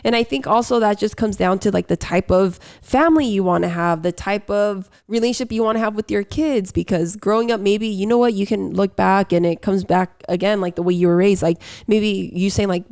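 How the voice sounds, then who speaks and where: A woman's voice: mid-range voice, brisk, hardly any pauses, darkish tone. A young woman co-hosting a casual podcast chat, laughing often, swearing freely and dropping Spanish words into her English. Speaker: podcast co-host.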